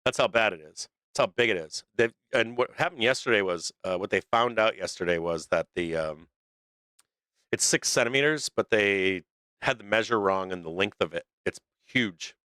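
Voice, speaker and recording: A man's voice: lowish voice, normal speed, pushed and bright, clean tone, dry recording. Blunt, profane middle-aged man ranting. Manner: blunt, profane, rambling with restarts. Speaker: stock market show host. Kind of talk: casual livestream rant.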